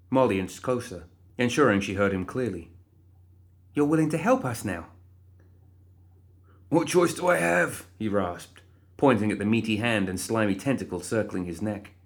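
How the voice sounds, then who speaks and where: A man narrating a story in an expressive storytelling style. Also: fairly low pitch.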